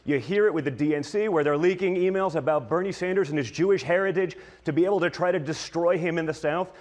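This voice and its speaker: A man rants about politics with indignation and fires off accusations in quick succession. His voice sits a little high for a man. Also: darkish tone. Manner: indignant, rapid-fire accusations.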